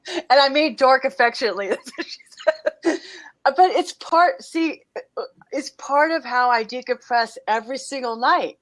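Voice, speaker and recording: Middle-aged woman guest, animated storyteller, laughs a lot, casual podcast chat. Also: high voice, normal speed, pauses often.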